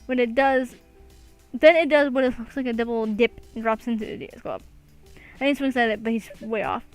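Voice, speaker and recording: A woman's voice: fairly high pitch, steady tone, brisk, clean tone, faint music behind, poor audio. A young woman reading a visual novel aloud, laughing and stumbling over words now and then. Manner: reads with frequent laughs and slips. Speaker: let's play gamer.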